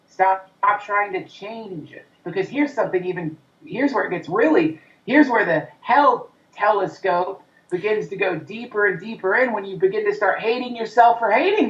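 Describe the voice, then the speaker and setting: A man's voice: high voice, a bit bright. A male comedian rants intensely and profanely in an interview, now and then acting out the nagging voice in his own head. He sits some way back from the microphone, so he sounds distant. The room echoes around him and the recording has a dull, muffled tone. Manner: acts out his inner critic's voice. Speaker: comedian guest. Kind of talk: interview conversation.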